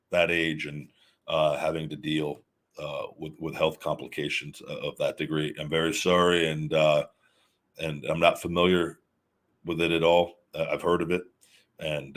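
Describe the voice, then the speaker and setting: With a bass voice, this podcast host hosts a livestream and answers chat questions from viewers. He talks casually and meanders, often repeating words and starting over.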